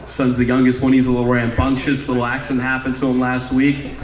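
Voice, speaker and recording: A man's voice: mid-range voice, completely flat delivery, fast, music in the background. A young man doing a crude stand-up comedy set on a club stage, rambling into a handheld mic with sung bits. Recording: echoey live club room.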